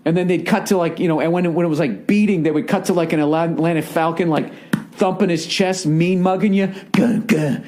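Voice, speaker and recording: A man in his forties with a Boston accent rants through a comedic podcast monologue. His voice sits fairly high, and he swears freely as he tells the story with lots of energy. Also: quick pace. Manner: profane, ranting, animated storytelling. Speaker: podcast host.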